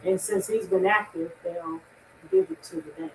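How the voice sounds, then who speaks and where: A woman's voice: medium pitch, sing-song, normal speed, gravelly, a little mellow. Distant echoey woman joining a livestream. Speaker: livestream guest. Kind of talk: casual chat. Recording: echoey and distant with faint noise.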